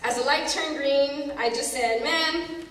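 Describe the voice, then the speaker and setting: A woman in her thirties from San Francisco telling a personal story on a theater stage, expressive and dramatic. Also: sits high, measured pace. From San Francisco, USA. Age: 30s. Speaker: storyteller performer. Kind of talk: spoken-word personal storytelling. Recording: echoey hall from far off, faint noise.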